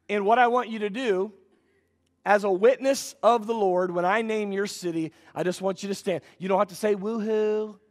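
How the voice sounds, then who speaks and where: A male pastor preaching a sermon in a church sanctuary, bantering playfully with the congregation. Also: high voice. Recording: reverberant church hall.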